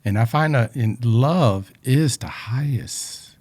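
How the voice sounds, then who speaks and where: A man's voice: mid-range voice, slow, darkish tone. A man in a reflective personal talk, speaking earnestly about life lessons and often repeating words, emotional with a drying throat.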